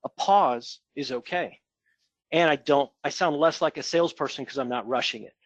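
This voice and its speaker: A man training a sales agent, coaching and demonstrating how to pitch on a call. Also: moderate pace, no room sound. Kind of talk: coaching a role-play call.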